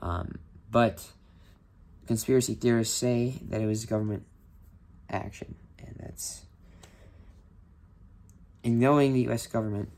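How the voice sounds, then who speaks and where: A man's voice: mid-range voice, measured pace, pauses often, a little mellow, a little hiss or hum. A man casually explaining history as a vlogger, informal and opinionated, with many filler ums.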